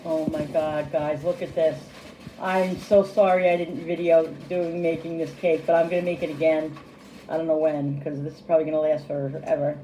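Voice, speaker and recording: Woman, fifties, cooking vlog host, chatty, laughs a lot, low voice, noisy home kitchen. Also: flat delivery, normal speed, warm tone. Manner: chatty, bubbly, laughs often.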